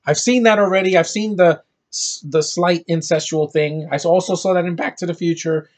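Man, movie rant, slightly high voice, sarcastic, exasperated, loud outbursts. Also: moderate pace. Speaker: movie reviewer.

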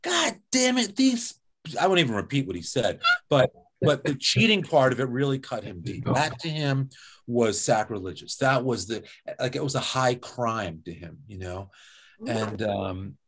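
Man telling anecdotes, lively and conversational. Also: medium pitch, moderate pace, slightly rough. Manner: conversational, lively, with frequent "like" and "you know". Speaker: author and guest speaker. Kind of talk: anecdotal storytelling talk with slides.

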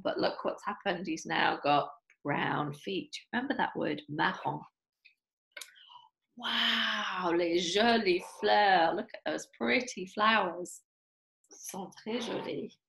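A woman's voice: on the low side, normal speed, creaky, fairly bright tone. A woman teaching French to children on a video call, reading a storybook with gasps and questions.

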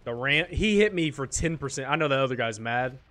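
A man streaming a shooter game, chatting casually and jokingly, with sudden excited outbursts. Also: mid-range voice, fairly quick. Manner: excitable, joking, bursts into shouts. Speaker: gaming streamer. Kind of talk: casual gameplay commentary.

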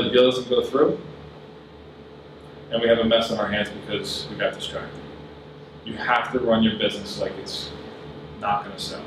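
A man giving a business talk at a conference, earnest and plain-spoken as he advises the audience. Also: medium pitch. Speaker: conference speaker. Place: large conference room. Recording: very echoey hall, voice from far off, audible noise.

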